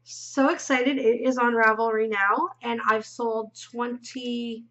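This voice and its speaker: A woman chats as she knits, her voice fairly high with a gravelly fry. She rambles and giggles, yawning now and then. The recording sounds dull and lo-fi. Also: flat delivery, unhurried, fairly bright tone. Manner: chatty, rambling, giggly, drops into murmurs. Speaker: knitting podcast host. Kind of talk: casual chat while knitting.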